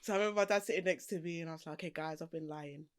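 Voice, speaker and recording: A woman's voice: low voice, rapid-fire. A young woman, a podcast guest telling her story in a chatty, casual way, laughing often and acting out the voices of people she quotes. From Britain. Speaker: podcast guest, fashion designer.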